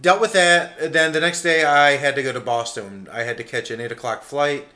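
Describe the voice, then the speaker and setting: A man's voice: mid-range voice, a little fast, pushed and bright. A man co-hosting a podcast, telling loose, joking stories in casual chat. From Pennsylvania, USA. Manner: rambling, joking, loose storytelling. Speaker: podcast co-host.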